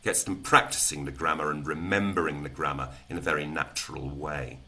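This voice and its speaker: A man, a teacher trainer giving a lesson who explains calmly and then breaks into loud, rhythmic chants. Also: extremely low pitch, fairly quick, a little hiss or hum.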